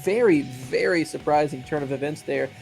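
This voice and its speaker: A somewhat high-pitched man offering wrestling color commentary, measured and hedging, with fillers between his thoughts. Music plays clearly behind his voice. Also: a little mellow, rough recording. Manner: measured, hedging, many fillers like "you know" and "I mean".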